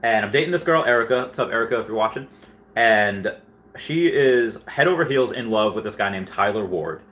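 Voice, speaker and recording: A young male livestream host with a lowish, somewhat bright voice talks expressively and a little fast. He casually reads viewer comments and tells rambling, self-deprecating stories packed with fillers.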